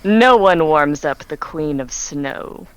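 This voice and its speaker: A woman's voice: low voice, lively intonation, takes it slowly, slight background noise, poor audio. A woman voicing a haughty, cold queen of snow who speaks with disdain. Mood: scornful.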